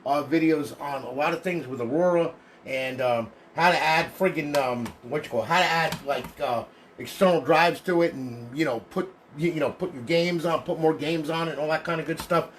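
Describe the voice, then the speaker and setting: A man's voice: fairly quick, slight background noise. Chatty, cursing man streamer. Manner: chatty and profane, keeps tagging "okay?"; excitable bursts between low asides. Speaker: console modder streaming to customers. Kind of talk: casual livestream talk.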